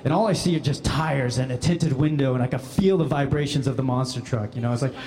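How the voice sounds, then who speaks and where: A man telling a funny personal anecdote, animated and often laughing as he speaks. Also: medium pitch, fast, a little hiss or hum. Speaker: guest storyteller. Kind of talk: comic anecdote.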